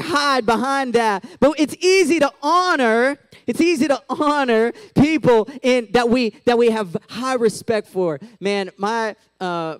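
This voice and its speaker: A man's voice: high-pitched, clean tone, no room sound. A man in his thirties giving a casual, chatty sermon as a youth pastor, full of "like" and "right?", on a close mic.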